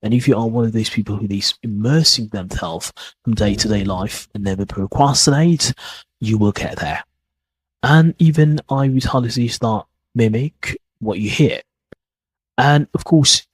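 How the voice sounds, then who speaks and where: A man's voice: mid-range voice, breathy edge, poor audio. A man giving a podcast lesson as an accent coach. He talks in an emphatic, encouraging way and often checks in with "okay?".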